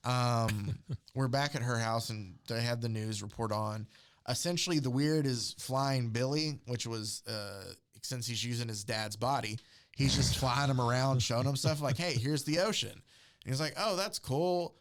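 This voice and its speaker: A man's voice: mid-range voice, normal speed. A man in casual chat, recapping a comic story and quoting its characters along the way. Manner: retells scenes and quotes characters in passing. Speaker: podcast co-host recapping a comic.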